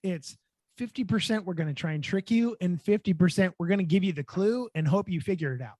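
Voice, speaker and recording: A man hosting a podcast in casual chat, joking around and laughing, sometimes putting on a mock shout. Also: sits high, a little fast, dry recording. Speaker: podcast host.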